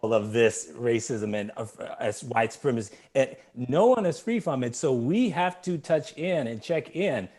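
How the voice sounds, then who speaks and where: A man speaking as a guest in an interview, earnest and measured, stressing his points. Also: medium pitch, lively intonation, darkish tone. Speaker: guest dancer.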